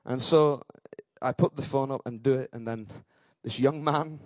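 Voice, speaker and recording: A man preaching in church, telling a personal story and building to fervent, shouted exclamations. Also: mid-range voice, steady tone, normal speed, no echo.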